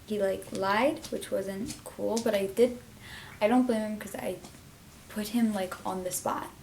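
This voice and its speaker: A woman's voice: mid-range voice, a little slow, creaky, darkish tone, a little hiss or hum, low-quality recording. A teenage girl vlogging casually and heartfelt, rambling with lots of fillers as she talks. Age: teens. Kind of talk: casual confessional vlog.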